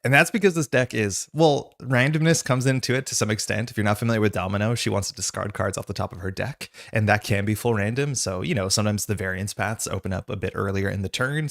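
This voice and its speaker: Hoarse, gravelly-voiced male stream host. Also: lowish voice, fast talker, hardly any pauses, a bit bright, no echo, studio quality. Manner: rambling and chatty, many "like" fillers. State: hoarse, recovering from lost voice. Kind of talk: casual live-stream chat.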